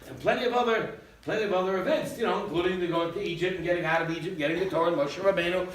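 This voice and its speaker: A man teaching a Torah class as a rabbi, animated, acting out little scenes in funny voices and laughing along. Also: high-pitched, rapid-fire. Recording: echoey room, mic at a distance, faint background hiss.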